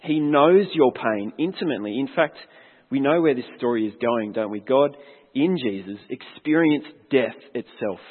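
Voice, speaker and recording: A man's voice: mid-range voice, lively intonation, normal speed, breathy edge. A man preaching a sermon as a pastor, earnest and reflective, putting questions to his congregation. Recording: long hall reverb, tinny phone-like sound.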